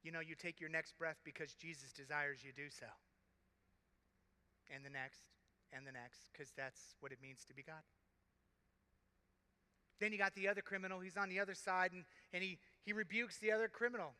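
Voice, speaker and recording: A man preaching as a deacon at a youth conference, impassioned with dramatic pauses. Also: on the high side, pushed and bright, smooth. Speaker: deacon and keynote speaker. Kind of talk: sermon. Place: large conference arena. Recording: big hall reverb.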